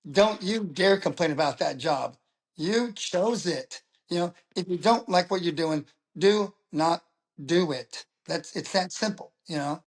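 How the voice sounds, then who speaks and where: A man's voice: sits high, unhurried. Middle-aged man telling stories animatedly. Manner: animated storyteller who acts out quoted voices. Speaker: guest, public speaker. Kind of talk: casual interview talk.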